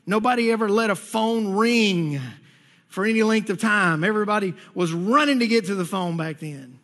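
A middle-aged man delivers a sermon as a church pastor, mixing scripture with funny stories. He talks with a high, bright voice, stammers on his restarts, and acts out the people he quotes. The long reverb of a church hall trails behind every word. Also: normal speed. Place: church sanctuary.

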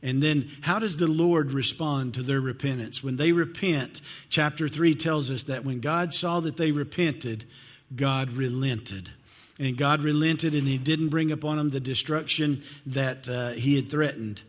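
Husky male preacher, conversational sermon, echoing church hall. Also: mid-range voice, measured pace. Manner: conversational, asks the congregation questions, repeats words when he stumbles. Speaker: pastor. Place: church sanctuary. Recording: long hall reverb.

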